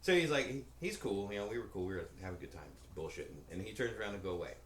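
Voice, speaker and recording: A man co-hosting a podcast, telling a long, rambling story in a casual, profane, animated way. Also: lowish voice, racing. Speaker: podcast co-host. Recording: roomy echo with faint background noise.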